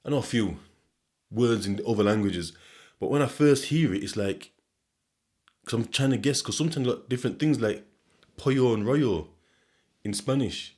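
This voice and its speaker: This podcast host is a young man from England whose broad Sheffield accent carries a mid-range, slightly mellow voice at moderate pace with frequent pauses. His loose, casual monologue is full of swearing and laughter, and he keeps doubling back mid-thought.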